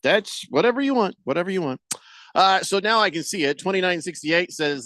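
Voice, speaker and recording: A man's voice: high voice, a little fast, no room sound. A man hosting a sports radio show, chatting casually, reading listener texts and ranting in exasperation. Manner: animated, exasperated rants with mock-quoted voices.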